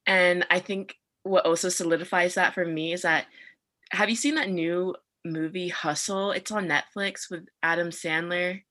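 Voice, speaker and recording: A young woman co-hosting a podcast in casual chat, talking fast and laughing often. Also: lowish voice, fairly even intonation, bright, forceful tone. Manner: chatty, laughs often, quick asides. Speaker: podcast co-host.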